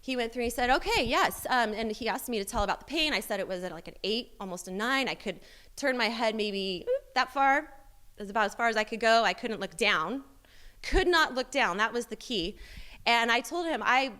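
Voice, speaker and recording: A woman's voice: a little high, lively intonation, moderate pace, sharp tone. A woman sharing a personal church testimony, candid and self-deprecating, with many fillers and restarts.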